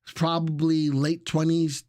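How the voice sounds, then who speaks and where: A man's voice: a little high, flat delivery, measured pace, a little mellow, dry recording, clean studio sound. A middle-aged man hosting a live stock analysis show, talking casually with viewers and joking around. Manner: casual, jokey, chatty with viewers. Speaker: stock market show host.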